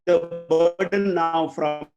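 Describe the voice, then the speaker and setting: A man's voice: a little high, fairly even intonation, slow, dull audio, over music. A man with an Indian English accent, a corporate trainer telling a motivational story and speaking directly to his audience.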